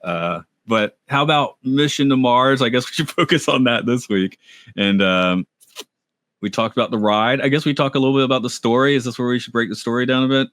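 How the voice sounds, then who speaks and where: A man co-hosting a podcast, chatting casually with rambling, animated asides. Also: medium pitch, a little fast, no room sound, studio quality. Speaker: podcast co-host. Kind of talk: casual chat.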